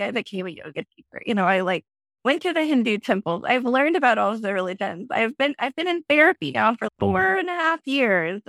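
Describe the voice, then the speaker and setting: A woman in her thirties, a podcast guest, telling a personal story in a lively way and acting out her own past lines. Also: vocal fry, no echo. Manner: animated, acts out her own past lines in a high excited voice. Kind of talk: conversational storytelling.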